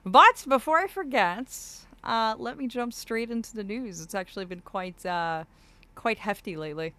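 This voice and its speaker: A woman's voice: fairly high pitch, lively intonation, normal speed, sharp tone, no room sound. A woman streaming live as a fey persona. She chats casually and reads viewer messages, calling viewers darlings and laughing often. Her speech is slightly impeded by a swollen cheek.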